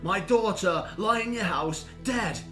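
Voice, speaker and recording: Man doing a furious, shouting father. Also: sits high, lively intonation, unhurried, soft background music, voice pushed up. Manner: shouting, confrontational. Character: furious grieving father accusing a neighbour. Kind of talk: amateur home drama.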